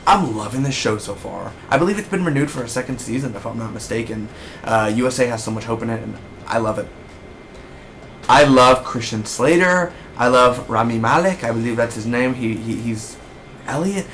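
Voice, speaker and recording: A man hosts a casual TV review in a loose, rambling way, and his excitement spills into each point. His voice sits at an ordinary middle pitch. A faint hiss runs under the recording. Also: moderate pace. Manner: rambling, excitable, acts out characters in bursts. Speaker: TV show reviewer.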